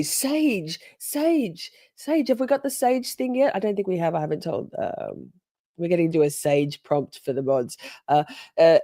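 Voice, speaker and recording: A woman's voice: mid-range voice, warm tone, dry recording. A woman hosting a livestream, chatting casually, swearing and reacting to her chat. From Australia. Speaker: livestream host.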